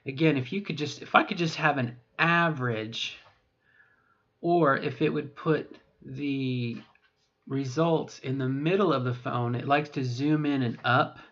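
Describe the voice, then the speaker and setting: Her unaltered voice rumbles low, a bit bright and a little slow: a middle-aged trans woman rambling through a voice training vlog. She's hesitant and keeps correcting herself, captured on dull lo-fi audio.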